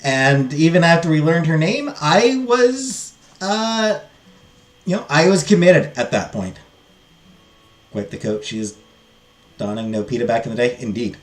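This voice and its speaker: A man's voice: fairly high pitch, measured pace, pauses often, reverberant. A man hosting a let's play, chatting casually, joking at his own expense and answering viewers. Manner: jokey, chatty, laughs at himself, answers chat. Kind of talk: casual gameplay commentary.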